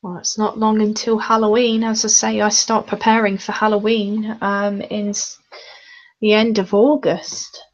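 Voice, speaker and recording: A woman hosting a casual chat over a video call, talkative and quick to giggle. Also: medium pitch, completely flat delivery, muffled recording. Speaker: channel host.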